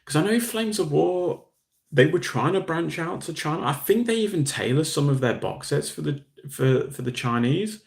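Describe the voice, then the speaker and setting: A man's voice: a little high, expressive, moderate pace, vocal fry. A man hosting a casual live stream, chatting in a rambling, self-deprecating way while answering viewer comments. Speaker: livestream host.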